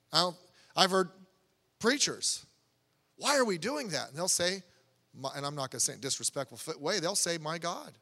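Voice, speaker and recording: A man preaching a sermon in a church, talking conversationally with asides, restarts and quick jokes. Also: on the high side, bright, forceful tone. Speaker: pastor. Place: church sanctuary. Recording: long church hall reverb.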